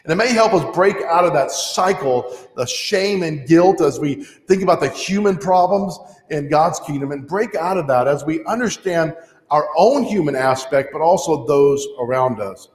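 A man's voice: on the high side, expressive, normal speed. Man preaching in an echoey church hall. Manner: conversational, plain teaching delivery with wry asides. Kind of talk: teaching sermon. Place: church sanctuary.

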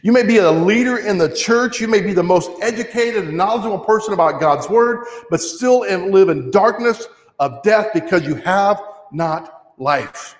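A man preaching a sermon in a church, conversational and slowing down to stress key words. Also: sits high, expressive. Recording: echoey church hall.

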